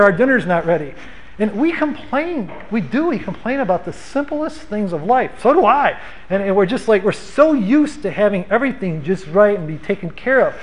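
A man's voice: high voice, slight background noise, low-quality recording. A man preaching a sermon as pastor, in an earnest, conversational way with rhetorical questions.

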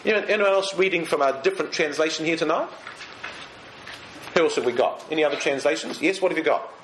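A man giving a Bible study to a live group, speaking in an animated way and putting rhetorical questions to his listeners. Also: a little high, fast talker, slight background noise. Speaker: Bible teacher. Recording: echoey room, faint ambience.

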